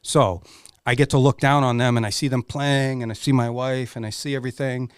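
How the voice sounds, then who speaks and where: Earnest middle-aged man, smooth resonant voice. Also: mid-range voice, fairly even intonation, brisk, no echo, studio quality. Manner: earnest and emotional, swears freely. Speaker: guest. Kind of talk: candid personal storytelling.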